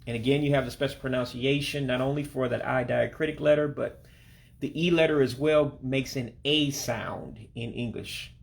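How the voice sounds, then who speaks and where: A man from Alabama, teaching a language lesson as a voice-over and patiently repeating each word slowly. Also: medium pitch, fairly even intonation, gravelly. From Alabama, United States. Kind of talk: self-recorded language lesson. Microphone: voice-over to pictures and on-screen text.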